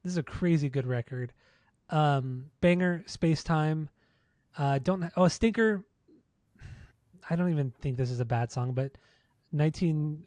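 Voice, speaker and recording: A man with a slightly high voice talks in a loose, casual way, cursing freely and breaking into laughs. He sounds close to the mic in a dry room. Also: a little slow, pauses often, darkish tone, no room sound. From United States. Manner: laid-back, swears freely, laughs often. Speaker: podcast co-host. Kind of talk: casual chat.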